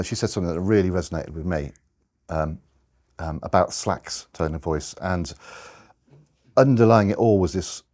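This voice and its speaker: Low, husky man talking through slides. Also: a little mellow. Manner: rambling, restarts, self-corrections. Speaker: guest copywriter giving a slide talk. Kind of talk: presentation with slides, conversational.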